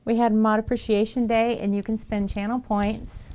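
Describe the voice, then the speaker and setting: A woman's voice: on the high side, level tone, normal speed, hardly any pauses, mellow. A woman live-streaming from home in casual chat. She laughs easily and coaxes her dogs in a raised, playful voice. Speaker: livestreamer.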